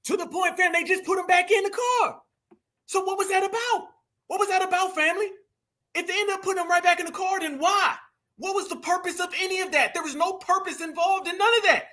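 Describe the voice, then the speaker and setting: A man with a very high, bright, pushed voice hosts a commentary video, talking briskly over video clips. He uses slang, speaks with emphasis, and keeps calling his viewers family.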